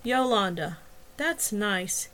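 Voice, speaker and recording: A man's voice: high-pitched, animated, slow pace, bright, forceful tone, slight background noise, heavily acted. A woman voicing a lovesick, self-pitying deaf young man, a bit drunk, mumbling and putting himself down. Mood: musing.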